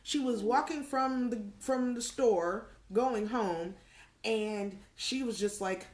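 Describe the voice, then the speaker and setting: A woman's voice: on the high side, slow, echoey room. A middle-aged woman co-hosting a live call-in show, talking casually and telling stories, acting out what people said. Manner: animated storyteller, acts out quotes. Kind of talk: casual chat, storytelling. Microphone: video call.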